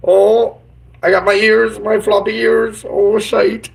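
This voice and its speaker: A man's voice: sits high, little pitch movement, takes it slowly, creaky, low-quality recording. Goofy, rambling male YouTuber. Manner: silly, rambling, full of made-up words. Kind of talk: goofy casual live-stream chatter.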